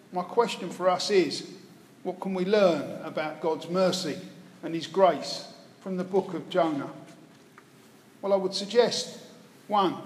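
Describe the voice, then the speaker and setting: A man preaching a sermon, retelling a Bible story with wry storytelling asides. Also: high voice. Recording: echoey hall, faint room noise.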